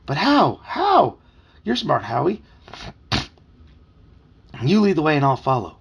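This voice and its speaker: A man voicing an upset young boy who pleads in a high, loud, urgent voice. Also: sing-song, measured pace, creaky, husky, heavily acted. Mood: desperate.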